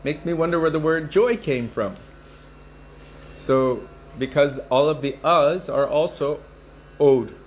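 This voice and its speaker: A man giving a scripture class, explaining pronunciation and retelling old stories in an unhurried, explanatory way. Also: on the high side, a little hiss or hum, low-quality recording. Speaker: scripture teacher.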